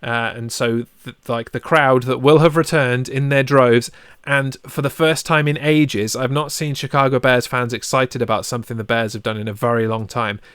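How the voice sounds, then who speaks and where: A man's voice: medium pitch, normal speed, hardly any pauses, clear, resonant tone, no room sound. Guy in his 30s ranting about football, super close dry mic sound. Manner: excitable, animated storytelling. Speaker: podcast co-host. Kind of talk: casual sports podcast chat.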